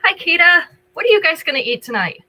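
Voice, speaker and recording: A woman's voice: very high-pitched, big pitch swings, fast talker, sharp tone, rough recording. An older woman hosting a live jewelry sale, chatting casually with viewers, greeting them by name and describing each item. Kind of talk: casual live-stream selling chat.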